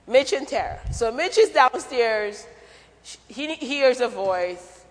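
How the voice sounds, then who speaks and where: A man's voice: extremely high pitch, lively intonation, takes it slowly. A man preaching a sermon in a church, conversational and jokey, asking the congregation questions. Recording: church hall reverb.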